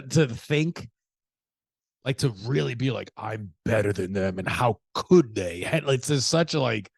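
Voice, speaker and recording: On his solo podcast, the host rambles casually and bluntly, swearing a lot and often acting out quotes from other people. His mid-range voice carries a gravelly edge, and the sound is close and dry with no room around it.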